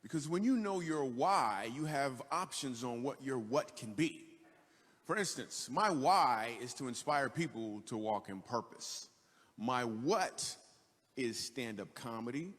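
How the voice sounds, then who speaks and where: A man's voice: mid-range voice, expressive, measured pace, fairly bright tone. A man who is a stand-up comedian, speaking conversationally with loose fillers in a played video clip. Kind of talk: casual speech in a played video. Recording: video clip with long hall reverb.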